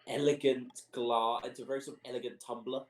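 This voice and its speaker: A man's voice: medium pitch, flat delivery, fairly quick, echoey room, low-quality recording. Chuckling man running a tabletop game. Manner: rambling, chuckling narration full of fillers. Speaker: game master.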